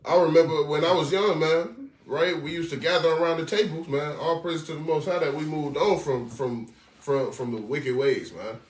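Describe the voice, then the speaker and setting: A man preaching on scripture in a casual, animated way, full of slangy asides and mocking commentary. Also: a little high, moderate pace, a little hiss or hum. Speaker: street preacher. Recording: echoey room from far off.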